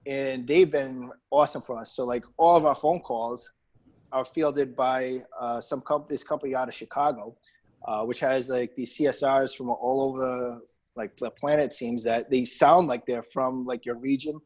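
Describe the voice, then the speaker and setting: A man's voice: mid-range voice, fairly even intonation, moderate pace, darkish tone, poor audio. A man with a New England accent, a business owner talking casually as a podcast guest, with lots of fillers and restarts. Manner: chatty, many fillers and restarts.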